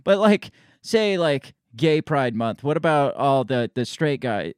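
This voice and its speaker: A man's voice: mid-range voice, sing-song, unhurried, clean tone, dry recording, studio quality. A man hosting a podcast, talking in a casual rambling rant full of restarts, fillers and sarcastic asides. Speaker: podcast host. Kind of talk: casual ranting monologue.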